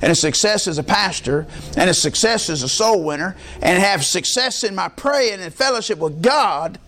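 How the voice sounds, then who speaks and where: A man's voice: sits high, animated, normal speed, pushed and bright. A middle-aged man preaching as a pastor, emphatic and prompting the congregation with call-and-response questions. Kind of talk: sermon.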